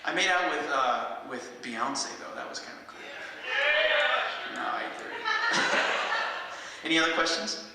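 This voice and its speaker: A man's voice: on the high side, moderate pace. A man telling profane, jokey stories from the stage and answering audience questions. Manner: animated, jokey, swearing. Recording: echoey hall from far off, faint noise.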